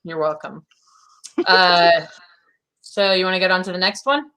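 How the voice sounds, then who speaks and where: A woman co-hosting a casual true-crime podcast, telling the story in an animated way. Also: measured pace, clear, resonant tone. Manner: animated storytelling, acts out quotes in a high voice. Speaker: podcast co-host.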